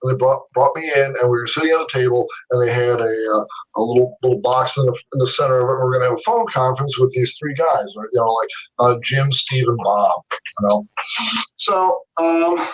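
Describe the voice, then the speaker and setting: A middle-aged man telling stories as a guest in a casual interview, animated, laughing often and acting out what others said. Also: mid-range voice, fairly quick, muffled recording. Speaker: guest artist. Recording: distant from the mic.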